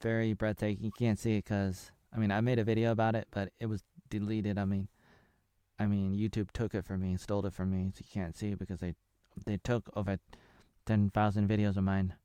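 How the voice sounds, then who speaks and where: A man's voice: lowish voice, flat delivery, a little fast, warm tone, smooth, dry recording, studio quality. A man in his thirties from Oregon in the USA, giving a rambling spoiler review of a TV series and drifting between retelling scenes, jokes and murmured asides. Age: 30s. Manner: breaks into half-sung snippets and murmured asides.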